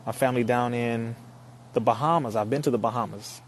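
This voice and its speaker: A young man from California, hosting a casual livestream. He energetically reads viewer comments aloud, shouts out their cities, and often laughs between phrases. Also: mid-range voice, fairly quick, a little hiss or hum. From Compton, California. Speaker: live-stream host. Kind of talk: casual live-stream chat.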